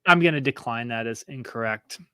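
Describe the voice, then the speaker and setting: A man hosting a casual trivia quiz, chatty and laughing, reading questions out slowly. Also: mid-range voice, bright, forceful tone, smooth, no echo, studio quality. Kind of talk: casual podcast chat.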